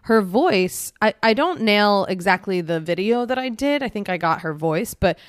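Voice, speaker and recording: A woman co-hosting a podcast, telling stories in an animated, casual way and saying "like" often. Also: mid-range voice, normal speed, no room sound, clean studio sound. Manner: animated storyteller, heavy use of "like". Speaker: podcast co-host. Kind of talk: casual chat.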